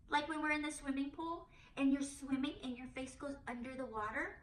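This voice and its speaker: A young woman, a preschool teacher, reading a picture book aloud to a toddler in an animated, coaxing, sing-song way. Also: high voice, fast, reverberant, distant mic, low-quality recording.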